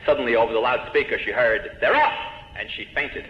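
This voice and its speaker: A man's voice: mid-range voice, fairly even intonation, quick pace. A man giving a humorous public lecture to a live audience, telling jokes and putting rhetorical questions to his listeners. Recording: dull old tape in an echoey hall, faint hiss.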